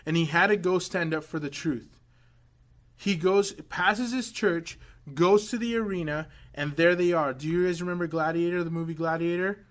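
Guy preaching, kinda high voice, goes quiet then builds up loud, dramatic storytelling. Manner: dramatic, swings from hushed quotes to loud build-ups. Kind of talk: sermon storytelling.

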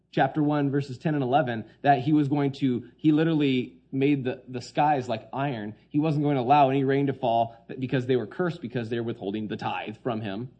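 A man preaching a sermon, swinging between hushed quoted lines and loud, emphatic points. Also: medium pitch, slightly rough.

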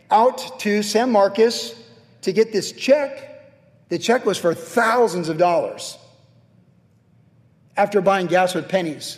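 High-voiced pastor in echoing hall. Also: male voice, a little slow. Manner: animated storytelling, repeats phrases for emphasis. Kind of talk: sermon. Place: church sanctuary. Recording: reverberant church hall.

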